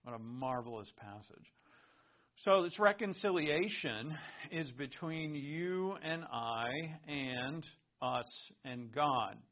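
A pastor with a mid-range, animated voice reads scripture aloud and explains it in an earnest teaching tone during a sermon, taking it slowly. The recording is muffled and lo-fi.

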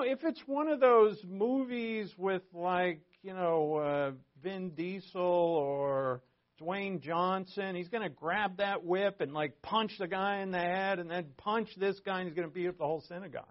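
A man preaching a verse-by-verse sermon. He reads scripture aloud and then explains it in a conversational way, with asides. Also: high-pitched. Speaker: pastor. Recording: dull lo-fi sermon recording.

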